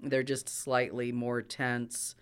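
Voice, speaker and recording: A man's voice: mid-range voice, monotone, slow pace, clean tone. A man who acts and coaches dialects, explaining accents in an interview with eager, detailed answers. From United States. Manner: explanatory, enthusiastic about accents.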